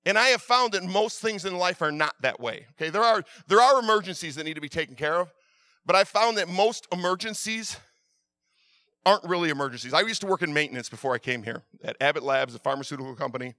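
High-voiced pastor preaching with bright energy. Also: male voice, no room sound. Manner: storytelling with many restarts, swings from loud urging to quiet asides. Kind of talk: sermon.

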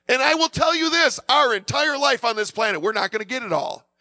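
Man, sermon, animated, conversational, dry close sound. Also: fairly quick, dry recording. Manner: animated, swings from quiet to loud and high; conversational, acts out quotes. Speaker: pastor.

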